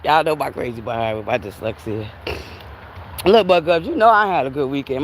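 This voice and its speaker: Chatty woman on a lively walk. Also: extremely low pitch, brisk, a little hiss or hum. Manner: chatty, animated, laughs often, talks to viewers as Buttercups. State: a bit winded from walking in the heat. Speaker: livestream host. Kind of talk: casual walking livestream chat. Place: outdoors on a walk by a river.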